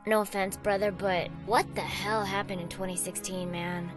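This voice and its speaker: A woman's voice: medium pitch, little pitch movement, normal speed, soft background music, lightly acted, poor audio. A woman playing a tough, foul-mouthed military drill instructor in a comedy sketch, barking bossy commands. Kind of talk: comic sketch acting.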